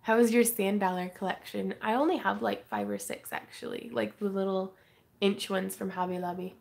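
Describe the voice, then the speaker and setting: A woman's voice: mid-range voice, lively intonation, normal speed, gravelly, a little mellow. A young woman hosting a casual craft livestream, reading viewer comments and chatting with giggles and fillers. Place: home craft room.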